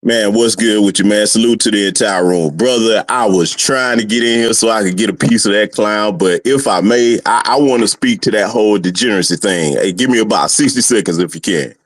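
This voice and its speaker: A man's voice: on the low side, a little fast, hardly any pauses. Lecturing male roundtable caller. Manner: lecturing, forceful. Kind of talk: live stream call-in.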